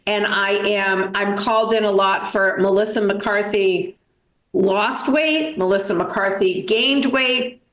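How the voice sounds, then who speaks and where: A woman's voice: mid-range voice, takes it slowly, fairly bright tone. Boston-accented woman comic, self-mocking and theatrical, echoey room on a video call. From Massachusetts. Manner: self-deprecating, dramatic storytelling with many fillers. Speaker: stand-up comedian. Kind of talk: stand-up comedy set.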